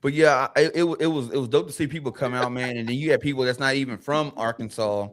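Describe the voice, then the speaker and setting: A man, co-hosting a casual podcast, animated and swearing freely while he stumbles through restarts. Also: medium pitch, fast. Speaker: podcast co-host.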